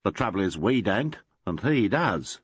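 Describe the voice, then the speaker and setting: A man's voice: lowish voice, sing-song, a little slow, husky, no echo, highs cut off, exaggerated voice. A man voicing a deferential police sergeant. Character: loyal, deferential male police officer.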